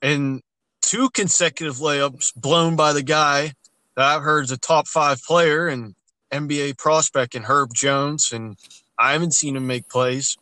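Bright-voiced blunt sports podcast guy. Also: fairly high pitch, steady tone, a little slow, no echo, low-quality recording. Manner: blunt, fired-up, swears freely. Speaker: podcast co-host. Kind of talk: casual sports podcast chat.

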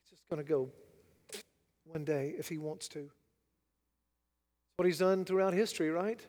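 A man preaching a sermon, dramatic and rhetorical, swinging between loud declarations and hushed asides. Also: a little high, normal speed, big-room sound. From United States. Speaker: pastor.

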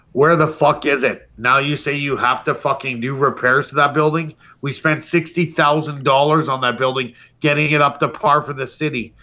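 A man's voice: medium pitch, bright, forceful tone, lo-fi sound. A man hosting a podcast, delivering a brash, profane comedic roast rant. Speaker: podcast host.

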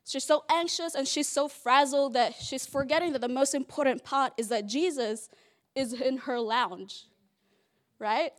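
A woman's voice: high-pitched, measured pace. A woman giving a casual, chatty Bible study talk, playful and full of "like" fillers.

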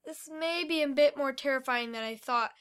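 A curious young boy hero, read by a woman, high and bright in tone and eager with his questions. It is a storybook reading. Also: moderate pace.

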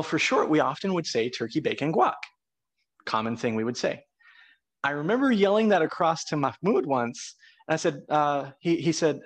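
Man, middle-aged, podcast host, casual rambling storytelling, mid-pitched voice. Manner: rambling storyteller, frequent uh and you know. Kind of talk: casual conversation.

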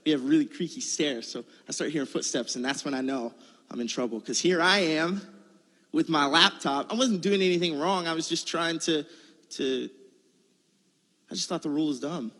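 A man's voice: a little high, moderate pace, fairly bright tone, in a large hall. A man giving a conversational sermon, telling a personal story in a casual, earnest way. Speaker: preacher.

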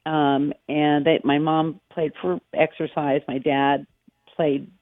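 A woman's voice: low-pitched, level tone, takes it slowly, dry recording. Woman chatting over a tinny phone line. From United States. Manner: chatty, anecdotal storyteller. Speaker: guest, golf professional. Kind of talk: casual interview chat. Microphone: phone call.

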